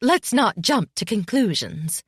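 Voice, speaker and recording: A woman's voice: mid-range voice, big pitch swings, slow pace, slightly rough, no room sound, heavily acted. A stern middle-aged headmistress, voiced by a woman narrator, clipped and exasperated, her voice lifted above the narration. The recording is dry and close.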